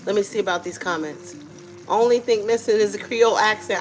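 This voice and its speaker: A woman's voice: medium pitch, brisk, over music, rough recording. A middle-aged woman hosting a live cooking stream from her home kitchen, chatting casually with viewers as she cooks.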